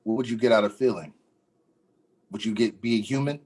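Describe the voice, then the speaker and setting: A man's voice: lowish voice, a little fast, a little mellow, slightly rough. A man leads a mentoring workshop over a video call. He drives his points home by repeating them. He mixes jokes with earnest advice. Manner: emphatic, repeats phrases, jokey then earnest. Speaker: workshop facilitator.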